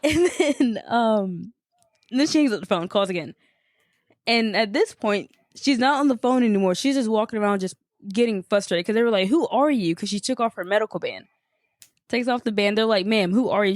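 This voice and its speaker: A woman's voice: medium pitch, animated, moderate pace, no echo, clean studio sound. A young woman, a podcast co-host, telling a story in casual chat, swearing and acting out the people she quotes.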